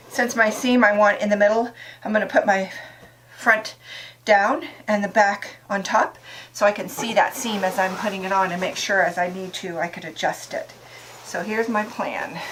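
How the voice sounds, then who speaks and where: A woman's voice: mid-range voice, a bit bright, a little hiss or hum, poor audio. Chatty woman thinking aloud while crafting. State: out of breath at times. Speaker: DIY vlogger. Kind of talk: casual talk-through while working. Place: camper interior.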